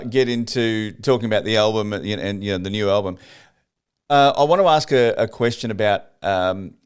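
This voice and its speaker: A man with a low, smooth voice hosts a music podcast. He asks questions in a lively, up-and-down way, full of enthusiasm and small fillers. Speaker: podcast host. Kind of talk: casual interview.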